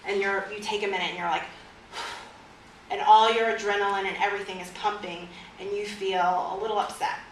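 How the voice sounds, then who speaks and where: A woman teaching a class on fearful dogs as a trainer, in a lively way, with vivid examples and questions to her audience. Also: medium pitch, a little fast, slight background noise. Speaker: dog trainer. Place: store or training room with an audience. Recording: echoey room, recorded from a distance.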